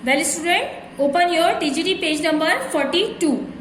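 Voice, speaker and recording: High-voiced Pakistani teacher in an echoey room. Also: female voice, a little hiss or hum. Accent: Pakistani English. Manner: slow, spells out letters, repeats examples. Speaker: school English teacher. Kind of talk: recorded classroom lesson. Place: classroom. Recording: echoey room, far from the mic.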